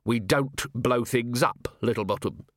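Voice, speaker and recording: A man voicing a weary, blunt watch commander with a dry, deadpan manner, in an audiobook reading. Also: medium pitch, measured pace, no echo. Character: weary gruff middle-aged male city watch commander. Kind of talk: audiobook character voice.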